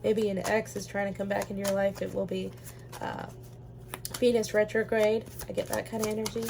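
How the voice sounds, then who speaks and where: A woman's voice: mid-range voice, flat delivery, a little fast, creaky, noisy background. A woman giving a casual pick-a-card tarot reading, chatty and rambling, with lots of ums and easy laughter. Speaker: tarot reader.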